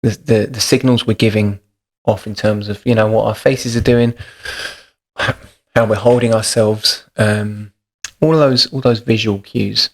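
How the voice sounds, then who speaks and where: Low gravelly man explaining. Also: steady tone, unhurried. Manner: thoughtful, practical explainer. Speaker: podcast host. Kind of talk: explanatory podcast talk.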